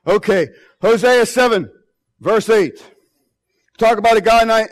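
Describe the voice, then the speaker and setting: High-pitched pastor preaching, emphatic, repeats himself, goes loud then real quiet. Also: male voice, moderate pace, pauses often. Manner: emphatic preaching, repeats phrases, rises and drops in loudness. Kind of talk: sermon. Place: church.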